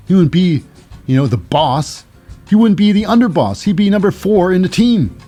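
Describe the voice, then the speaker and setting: A man's voice: fairly high pitch, mellow. A man hosting a solo podcast, recapping in a rambling, wry way with many restarts. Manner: rambling, restarts, dry asides. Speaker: podcast host.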